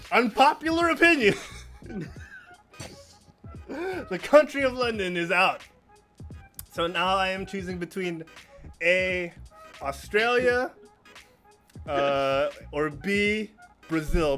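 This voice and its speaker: Slow, bright-voiced playful man. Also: high voice. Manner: playful, mock-serious, deliberate. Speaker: podcast co-host, quiz contestant. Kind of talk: casual gaming podcast chat.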